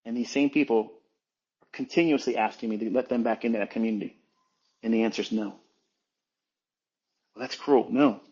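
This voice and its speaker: A man's voice: mid-range voice, darkish tone, breathy edge. Male trading mentor, mid-range voice, profane and emphatic, dull lo-fi recording. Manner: blunt, profane, emphatic, repetitive. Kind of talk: profane motivational monologue.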